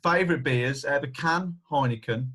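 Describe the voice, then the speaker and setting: A man's voice: medium pitch, normal speed, a bit bright. Blunt English man in podcast banter. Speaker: podcast co-host. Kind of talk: casual chat.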